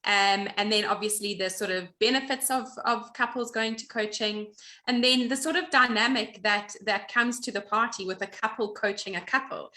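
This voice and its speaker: Bright-voiced woman co-host. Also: medium pitch, fairly even intonation, moderate pace. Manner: rambling, enthusiastic questions.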